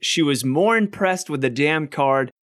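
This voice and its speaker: A man's voice: a little high, lively intonation, a little slow, fairly bright tone. A man hosting a podcast, eagerly telling a story in a casual chat. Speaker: podcast host.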